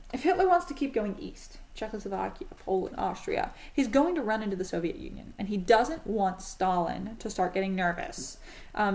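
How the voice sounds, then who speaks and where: A woman's voice: medium pitch, low-quality recording. A woman teaching a history class in a casual, chatty way, with frequent ums and self-corrections.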